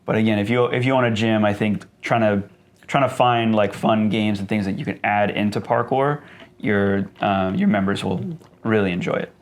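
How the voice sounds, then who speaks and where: Male podcast co-host, fairly low voice, thoughtful and rambling casual chat. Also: steady tone, moderate pace.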